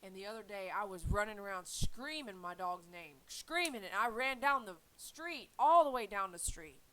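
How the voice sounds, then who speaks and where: Her voice medium in pitch with lively intonation and a sharp tone, a woman who grooms dogs speaks at normal speed about faith to her channel's viewers. She's casual and earnest but rambles and repeats herself, and the recording quality is low.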